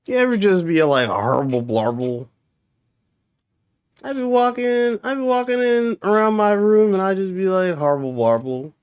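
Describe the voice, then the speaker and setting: A man's voice: high-pitched, fairly quick, hardly any pauses, clear, resonant tone. A young man streaming, chatting casually and joking with made-up nonsense words. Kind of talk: casual livestream chat.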